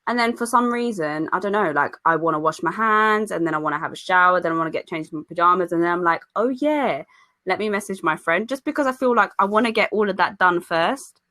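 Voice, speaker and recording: A young woman chats on a podcast with a bright, forceful tone, sitting a little low in pitch. She tells stories and slips into the voices of the people she quotes. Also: quick pace. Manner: lively storyteller, acts out quoted voices. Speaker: podcast co-host. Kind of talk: casual chat.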